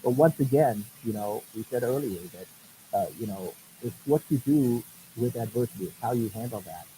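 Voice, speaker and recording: A man's voice: mid-range voice, expressive, normal speed, dark tone, a little hiss or hum, rough recording. A man hosting a sports podcast, chatting casually with plenty of "uh" and "you know". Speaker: podcast host.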